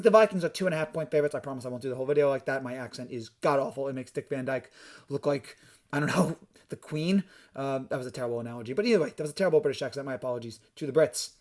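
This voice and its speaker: A young man giving casual, opinionated sports predictions, energetic and rambling with frequent restarts. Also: on the high side. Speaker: sports YouTuber.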